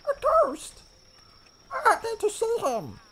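A man voicing a panicky, excitable male gnome in a tabletop game, squeaky and frantic. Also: slow pace, slight background noise, exaggerated voice. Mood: urgent.

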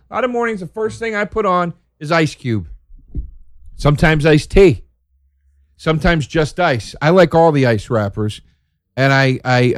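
A man doing a profane, sarcastic stand-up routine, ranting and jumping from loud high outbursts to low mutters. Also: no echo, studio quality. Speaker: stand-up comedian.

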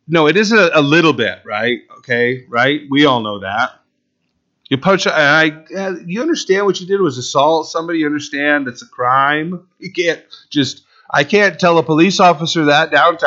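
A pastor preaching a sermon in an animated way, firing rhetorical questions and asides at his congregation. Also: a little high, normal speed, dull audio.

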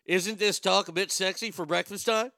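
A man's voice: high voice, fairly even intonation, normal speed, pushed and bright, dry recording, studio quality, pitched above the performer's own voice. A man putting on a folksy celebrity singer voice, ending his phrases with "eh". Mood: joking. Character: male celebrity singer with a put-on Canadian "eh".

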